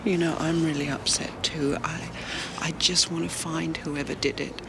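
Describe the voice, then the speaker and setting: Soft-spoken senior detective. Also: female voice, deep voice, little pitch movement, normal speed, vocal fry, noisy background. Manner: gentle and coaxing, sharpening when questioning. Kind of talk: TV police drama acting.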